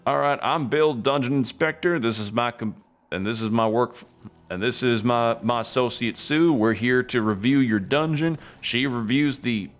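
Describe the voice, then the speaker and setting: A man's voice: medium pitch, normal speed, close to an everyday voice. A man voicing a fussy, by-the-book male dungeon inspector who talks in officious reviewer patter.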